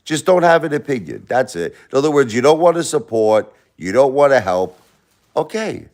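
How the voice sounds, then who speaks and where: Lively-voiced man ranting at his chat. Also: normal speed. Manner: angry, profane, repetitive, lectures and insults the commenter; jumps between loud outbursts and low muttering. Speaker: livestream host reading chat. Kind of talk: livestream rant at a chat commenter.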